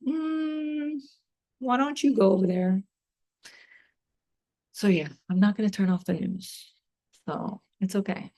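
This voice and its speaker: A woman's voice: mid-range voice, lively intonation, unhurried, vocal fry, long pauses, a little mellow. A woman who owns a beauty business, talking to camera from her office in an emphatic, ranty way with lots of "like.". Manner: ranty and emphatic, heavy use of "like". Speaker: beauty business owner and host. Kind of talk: casual talk to camera.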